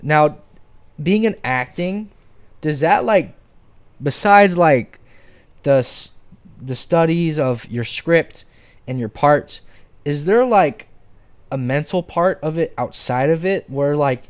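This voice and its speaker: A man's voice: a little high, slow pace, pauses often, smooth. A man hosting a podcast, loose and teasing, with slang and swearing. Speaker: podcast host. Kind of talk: casual podcast chat.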